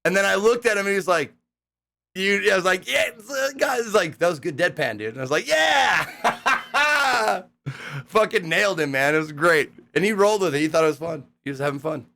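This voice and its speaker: A young man casually recapping a hosting gig, rambling and profane, acting out the people he quotes in excited voices. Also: fairly high pitch, fast talker.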